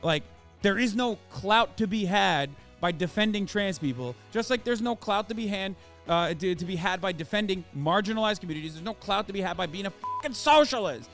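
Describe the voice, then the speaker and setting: A man's voice: high-pitched, expressive, a little fast, faint music behind. Impassioned man ranting on stream. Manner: impassioned, profane, building to shouts. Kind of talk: heated stream rant.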